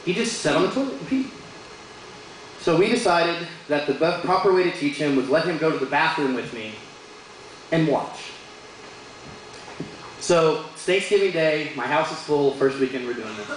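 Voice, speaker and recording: A man's slightly high voice, with lively intonation, a moderate pace, and long pauses, fills a bar stage as he does stand-up about his kids, imitating them in funny voices. The recording has a little hiss or hum and a very echoey bar room full of crowd ambience.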